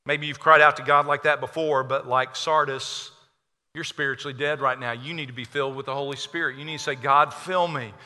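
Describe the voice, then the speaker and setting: A man preaching a sermon as a pastor, impassioned, swinging between loud declarations and hushed prayer. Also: mid-range voice, little pitch movement, fairly quick, long reverb tail. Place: church sanctuary.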